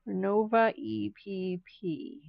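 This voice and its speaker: A woman's voice: medium pitch, fairly even intonation, extremely slow, creaky, dry recording, muffled recording. A woman hosting a live quilting stream, chatting casually and rambling while she sews, laughing often. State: has the hiccups. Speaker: quilting channel host. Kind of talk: casual chat during a live sewing stream.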